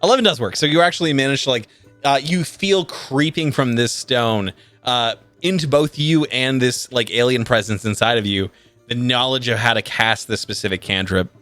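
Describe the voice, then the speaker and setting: A man runs a tabletop game as game master, narrating in a loose, rambling way with many filler words. His pitch sits in the middle, and the sound is dry and close. Faint music plays underneath. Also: moderate pace, fairly bright tone, dry recording. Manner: casual, rambling, heavy use of filler words.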